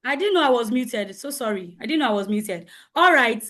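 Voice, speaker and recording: Woman coach, high voice, loud and emphatic, repeats lines to drive them home. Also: expressive, brisk. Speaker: coach speaking at a teen conference. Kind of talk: motivational lecture.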